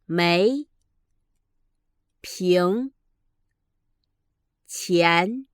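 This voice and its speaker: Woman saying words very slowly. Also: on the low side, smooth, dry recording. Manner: slow, careful single-word demonstrations. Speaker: example speaker.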